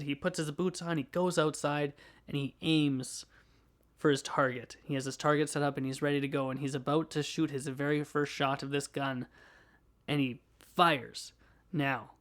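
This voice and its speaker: A young adult man hosting a podcast, cheerfully retelling a movie's plot in a casual review, laughing often as he goes. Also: fairly high pitch. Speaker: podcast host.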